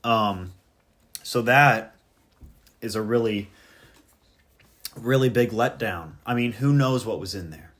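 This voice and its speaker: A man's voice: on the low side, takes it slowly, pauses often, fairly bright tone, a little hiss or hum. A man hosting a podcast in a casual monologue, rambling through jokey tangents and poking fun at himself. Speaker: podcast host.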